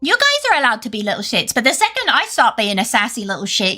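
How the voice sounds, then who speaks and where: A woman's voice: a little high, huge pitch swings, brisk, bright, forceful tone, soft background music. A British woman streaming live, chatting with viewers in a rambling, sweary, self-deprecating way and laughing often. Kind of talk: casual chat with live viewers.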